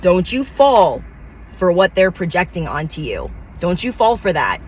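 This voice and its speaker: A woman's voice: lowish voice, very animated, measured pace, husky, poor audio. A woman giving a channeled tarot reading, talking in emphatic, repetitive affirmations with casual slang. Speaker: tarot reader.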